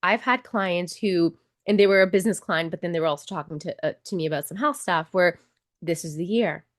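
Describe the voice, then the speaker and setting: Interviewed on a podcast, a coach and nurse in her twenties or thirties speaks in an animated, casual way, acting out people's inner voices and swearing freely. Her voice is on the low side and her pace is quick.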